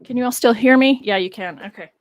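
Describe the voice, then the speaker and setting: A woman's voice: a little high, fast, no room sound. A woman biblical scholar hosting a casual teaching livestream, musing aloud, laughing often and stressing key words.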